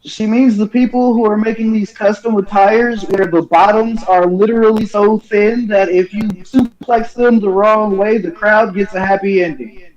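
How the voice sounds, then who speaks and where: A man's voice: high voice, fairly even intonation, normal speed, darkish tone, dull audio. A man hosting a casual podcast, crude and playful as he jokes. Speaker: podcast host.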